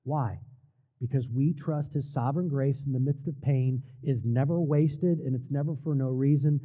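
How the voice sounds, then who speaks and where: A man preaching a sermon, slowing down for emphasis and dropping his voice to near quiet at key words. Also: medium pitch, fairly even intonation. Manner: preaching with slow, emphatic pauses and dramatic drops in volume. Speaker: pastor. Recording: tinny phone-like sound.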